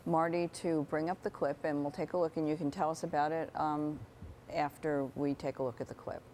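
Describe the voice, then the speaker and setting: Low-voiced female TV host. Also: level tone, brisk, warm tone, slight background noise. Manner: hesitant questions with fillers. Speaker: TV talk show host. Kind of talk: TV interview.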